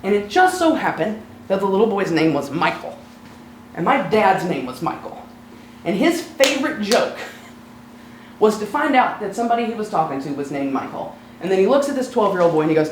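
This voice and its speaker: A speaker telling a personal story live on stage, chatty and lightly humorous, slowing down at emotional moments. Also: mid-range voice, big pitch swings, echoey room, background noise. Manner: conversational, warm-humored, slows down for emotional moments.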